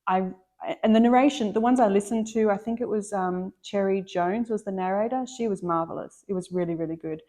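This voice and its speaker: A woman's voice: mid-range voice, brisk, mellow. A middle-aged woman, chatting enthusiastically about books she loves as a book vlogger, often restarting her sentences. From Australia. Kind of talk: casual book chat.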